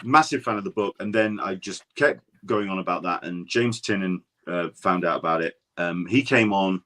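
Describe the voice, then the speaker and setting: A man's voice: low voice, moderate pace, a bit bright. An English man, a guest podcaster, telling stories in casual chat, rambling with frequent restarts. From England. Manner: rambling anecdotal storyteller, many restarts.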